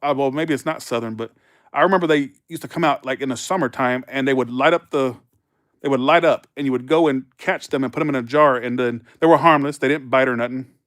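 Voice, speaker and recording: A man in his thirties hosts a casual livestream. He rambles through his stories at a middle pitch and leaps into animated quoted voices. The mic is close and dry, with no room sound. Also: fast, no room sound. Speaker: livestream host. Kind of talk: casual chat to viewers.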